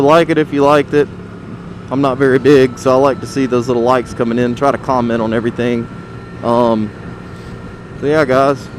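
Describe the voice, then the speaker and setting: A man rambles on from his motorbike, swearing casually and tripping over his words. His voice sits at a middling pitch under a steady wash of wind, engine and traffic noise picked up by a helmet mic. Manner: rambling, profane, chatty with fillers. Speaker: motovlogger. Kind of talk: casual motovlog chat while riding. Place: on a motorcycle on open roads.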